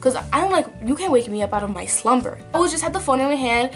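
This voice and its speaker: A young woman vlogger tells her camera a casual story time tale, chatty and packed with likes and ums. Her high-pitched voice is animated and fast, with faint music in the background.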